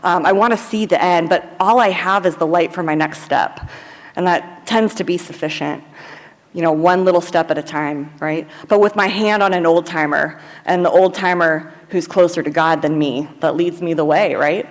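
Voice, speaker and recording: A woman's voice: lowish voice, fairly even intonation, normal speed. A woman from Sacramento, California telling her recovery story to a live audience, chatty and informal, with lots of "like" and "um". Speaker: AA speaker. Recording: long hall reverb at a live event.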